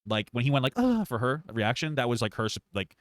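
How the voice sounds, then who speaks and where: A man's voice: mid-range voice, fast talker, a bit bright, no echo, studio quality. A man hosting a casual reaction podcast, arguing his point bluntly and swearing.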